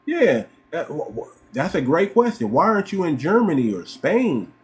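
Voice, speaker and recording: A man from the United States hosts a livestream with a slightly higher-pitched voice. He hammers his points home, repeating lines and piling on rhetorical questions. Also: very animated, normal speed. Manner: emphatic and repetitive, firing rhetorical questions. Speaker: livestream host. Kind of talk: livestream commentary.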